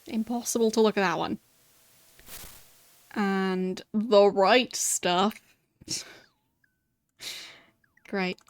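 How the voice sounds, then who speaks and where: A woman streaming a retro role-playing game, reading its text aloud and adding wry, sarcastic asides in a quiet, muttered voice. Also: mid-range voice, steady tone, very slow, pauses often.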